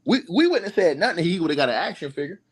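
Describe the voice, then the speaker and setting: Man, livestream host: mocking sports rant, swinging pitch, bone-dry sound. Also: big pitch swings, racing, husky, no room sound. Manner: mocking, repetitive, talks straight to the audience. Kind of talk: animated sports rant to viewers.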